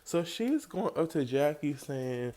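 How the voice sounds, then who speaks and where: A man giving a casual, animated recap of a reality TV episode, jumping into high voices to act out what the cast said. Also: a little slow. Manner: animated, acts out quoted lines in raised voice. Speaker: reality TV reviewer.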